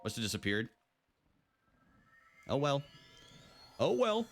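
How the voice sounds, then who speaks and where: Speaking slowly in a mid-range voice over soft background music, a young adult man plays a video game on a live stream. He jokes around, swears, and talks animatedly with his chat.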